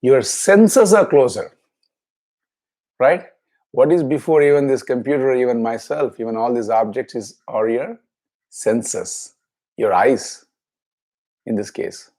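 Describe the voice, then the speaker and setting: A man teaching a scripture class, explaining each word slowly and chanting verses twice. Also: mid-range voice, mellow.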